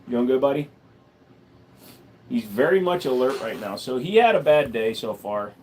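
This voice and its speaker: A man's voice: medium pitch, sing-song, moderate pace, darkish tone, slight background noise. A man hosting a casual livestream, rambling and joking while he talks to his dog between topics. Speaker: livestream host.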